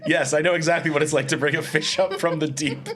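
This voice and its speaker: A man's voice: fairly high pitch, fairly even intonation, quick pace, a bit bright. A man hosting a comedic panel podcast, rambling and self-mocking, often laughing as he talks. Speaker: podcast host. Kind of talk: casual comedic panel chat.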